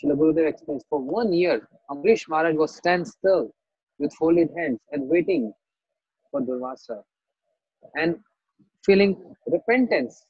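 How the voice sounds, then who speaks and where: A man's voice: a little high, lively intonation, moderate pace, darkish tone, slightly rough, dry recording, highs cut off. A man giving a scripture lecture, telling a story, repeating key phrases and checking that listeners understand. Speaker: spiritual teacher.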